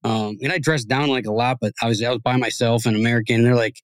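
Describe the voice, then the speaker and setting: Fast-talking man telling a story. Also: mid-range voice, steady tone, clear, resonant tone, dry recording. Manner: rambling, profane storytelling. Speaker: podcast host. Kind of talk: casual chat.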